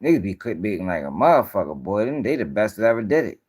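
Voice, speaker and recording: A man's voice: fairly low pitch, very animated, quick pace, darkish tone, breathy edge. A man hosting a live-stream news show, ranting in casual, profane, rambling talk and sounding tired.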